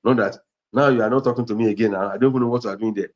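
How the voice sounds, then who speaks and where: A man's voice: lowish voice, fairly even intonation, rapid-fire, muffled recording. A man with a Nigerian accent giving earnest marriage counseling advice, repeating points and acting out example dialogues.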